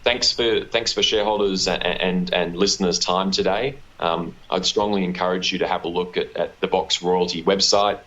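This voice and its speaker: A man's voice: low-pitched, fairly even intonation, moderate pace, hardly any pauses, a bit bright, muffled recording. A man with an Australian accent, an executive speaking in a business interview, restarting and repeating words with many fillers. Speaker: company executive guest.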